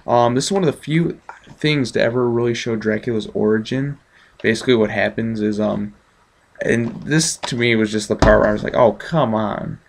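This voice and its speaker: Gravelly, casual male movie reviewer. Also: medium pitch, a little fast, a little hiss or hum. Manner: chatty, offhand, many ums and laughs.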